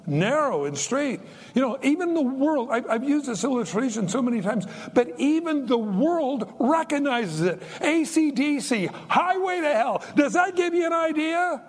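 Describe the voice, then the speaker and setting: An older man preaching a sermon in a folksy, animated way, joking between his points. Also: very high voice, normal speed. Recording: long hall reverb.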